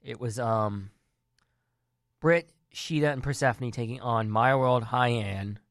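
A man's voice: medium pitch, slow, a bit bright, no echo, studio quality. Earnest man rambling about wrestling. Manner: earnest, rambling, frequent restarts. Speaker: wrestling commentary vlogger. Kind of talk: casual wrestling news talk.

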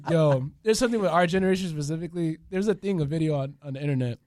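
A young man chatting casually, telling animated stories and swearing freely. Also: on the high side, racing, dry recording, clean studio sound. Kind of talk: casual chat.

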